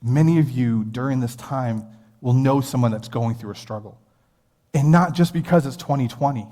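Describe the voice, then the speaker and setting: A man's voice: mid-range voice, moderate pace, mellow. A man in his thirties with an American accent, preaching a sermon as a pastor and telling a personal story in an earnest, conversational way. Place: church sanctuary. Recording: long hall reverb.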